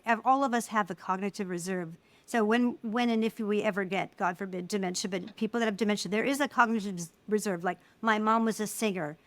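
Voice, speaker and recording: A middle-aged woman speaking as an interview guest, telling personal stories in an animated way and acting out the voices of people she quotes. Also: mid-range voice, no room sound. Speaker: guest, filmmaker. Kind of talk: casual interview conversation.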